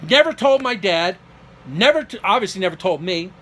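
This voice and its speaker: Agitated man recounting a story, high bright voice. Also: big pitch swings, moderate pace. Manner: agitated, acts out quoted dialogue, rising to near shouting. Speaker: vlogger telling a personal story. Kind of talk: emotional personal monologue.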